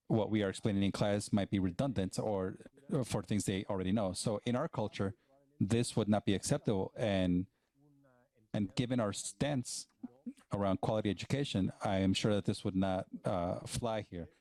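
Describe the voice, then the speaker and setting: A man giving a plenary conference talk, speaking in a halting way with frequent restarts. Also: on the low side, warm tone, no echo.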